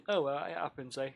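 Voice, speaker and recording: Man, streamer, fairly high voice, chatty game commentary, quick to laugh, casual slang. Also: gravelly, slightly rough. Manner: excitable, chatty, laughs often, mild slang.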